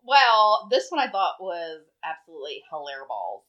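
A woman's voice: lowish voice, very animated, normal speed. A woman in her thirties co-hosting a casual chat podcast, talking in a chatty way, laughing often and swearing casually. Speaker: podcast co-host. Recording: dull lo-fi sound.

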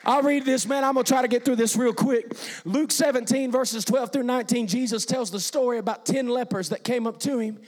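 A man preaching a sermon as pastor, moving from hushed storytelling to shouted praise. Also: very high-pitched, brisk.

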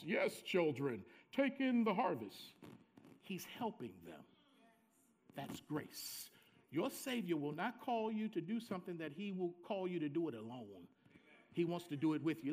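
Male pastor, sermon, high voice, very animated pitch, dramatic swings soft to loud.

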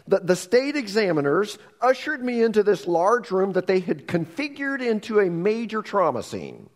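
A man preaching a sermon as pastor, telling stories earnestly and often restarting his sentences. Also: fairly high pitch. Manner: earnest storytelling with frequent restarts. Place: church sanctuary. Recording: long reverb of a church hall.

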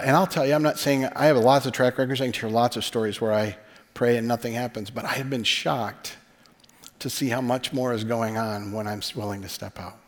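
A male pastor preaching a sermon in conversational storytelling style, often dropping to a hushed voice for emphasis. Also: on the high side. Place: church sanctuary. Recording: long hall reverb.

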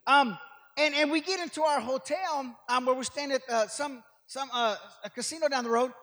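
An older man preaching as a guest speaker, telling rambling stories that build to shouted preaching. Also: very high-pitched, moderate pace. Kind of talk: sermon. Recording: long hall reverb.

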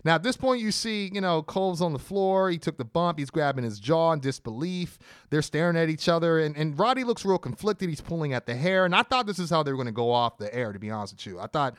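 A man co-hosting a podcast, recapping a wrestling show blow by blow in a casual, animated storytelling way and acting out quotes. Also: on the high side, fast, hardly any pauses, clear, resonant tone, dry recording, studio quality. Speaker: podcast co-host.

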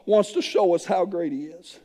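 An older man, preaching a sermon and telling a missionary story with passion, shouting at the high points. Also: normal speed, soft background music. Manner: impassioned, shouting at peaks, hushed in the retold confrontation. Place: church sanctuary. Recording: long hall reverb.

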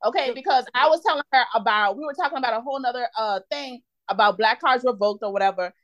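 Insistent woman with a higher voice. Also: quick pace, a bit bright, no echo, highs cut off. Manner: insistent, defensive when challenged. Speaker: podcast co-host. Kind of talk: casual chat.

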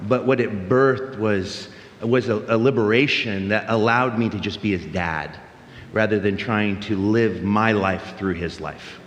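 A man's voice: lowish voice, a little slow, slight background noise. A middle-aged man preaching a sermon in a conversational way, telling stories with many fillers and restarts. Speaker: pastor. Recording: roomy hall reverb.

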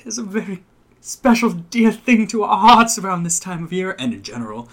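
A man's voice: high-pitched, expressive, normal speed. A man hosting a casual comedy podcast, reading with playful mock-dramatic announcer flair. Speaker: podcast host.

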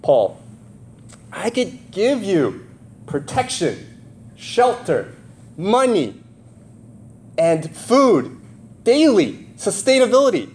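A man's voice: high voice, wildly swooping pitch, slow pace, long pauses, darkish tone, voice pushed up, heavily acted. A man with nasal congestion voicing a wealthy patron who makes tempting offers in a raised, coaxing voice. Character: wealthy male patron offering protection, smooth and persuasive.

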